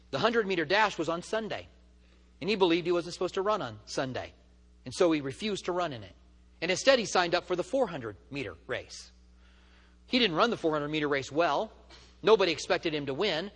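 A man's voice: on the high side, a bit bright, long reverb tail. A man teaching a church study, telling stories in an emphatic, rising preaching manner. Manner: storytelling, emphatic and rising when stirred. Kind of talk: sermon.

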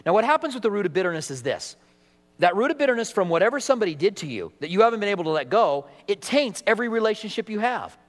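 A middle-aged pastor with a rather high voice for a man preaches a sermon in a church sanctuary at a quick pace. He's animated, acting out the people he quotes, and a long hall reverb fills the sound.

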